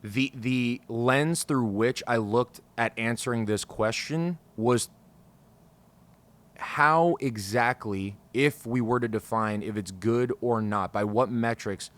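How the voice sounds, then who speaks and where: A man's voice: mid-range voice, takes it slowly, a bit bright. A man hosting a casual solo podcast, frustrated and scattered, talking in a rambling way and swearing freely, recorded on a studio microphone. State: over-caffeinated, scattered. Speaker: podcast host.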